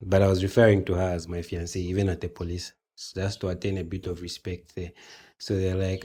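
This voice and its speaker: A man's voice: sits low, brisk, breathy edge. A man, a guest in a casual interview, telling his story with animation and acting out the dialogue. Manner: animated, acts out dialogue in quoted voices.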